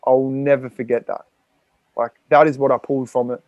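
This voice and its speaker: A man's voice: medium pitch, little pitch movement, brisk, no echo, lo-fi sound. Blunt, swearing Australian man telling his story. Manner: raw, profane, rambling with many fillers. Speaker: podcast guest. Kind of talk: candid personal storytelling.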